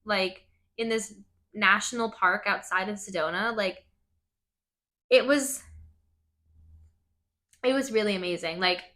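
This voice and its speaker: A woman's voice: mid-range voice, measured pace, pauses often, bright, forceful tone. A woman hosting a wellness podcast, telling a personal story in a casual, open way, swearing and saying "like" a lot. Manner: casual, swears, lots of "like" fillers. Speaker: podcast host.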